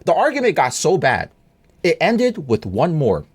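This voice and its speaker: Animated man telling a story. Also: a little slow, slightly rough. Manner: animated, rambling, swings pitch high in exasperation. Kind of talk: casual storytelling monologue.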